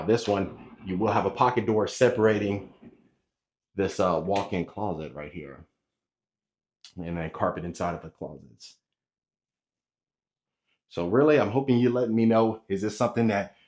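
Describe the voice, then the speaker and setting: A man's voice: low-pitched, a little mellow. Chatty man giving a home tour. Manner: chatty, salesy, addresses viewers directly. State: a bit out of breath. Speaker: real estate tour host. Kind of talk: walking home tour vlog. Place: inside and around a model home.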